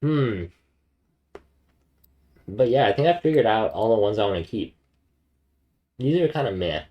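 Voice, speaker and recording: Relaxed young male streamer with a low voice, chatting loosely with viewers. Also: unhurried, lo-fi sound. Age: young adult. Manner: laid-back, many fillers. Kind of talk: casual chat with viewers.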